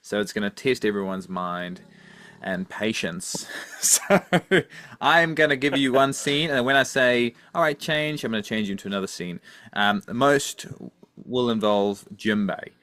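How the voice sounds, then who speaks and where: A man's voice: on the low side, unhurried, a bit bright. A man hosting a podcast, upbeat and leading the segments with a few fillers. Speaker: podcast host.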